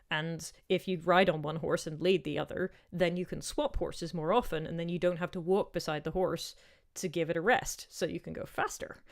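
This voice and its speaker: A woman in her thirties with a softened Northern Irish accent, chatting casually as she answers viewer questions on a livestream, rambling with plenty of "um" and "like". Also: on the low side. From Northern Ireland. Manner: chatty and rambling, with many "um" and "like" asides.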